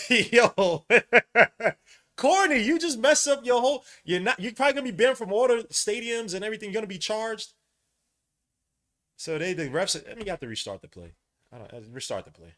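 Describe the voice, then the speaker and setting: A man, hosting a podcast and giving live, slangy commentary while watching a basketball game, getting loud at big plays. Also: high voice, animated, fairly quick. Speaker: podcast host.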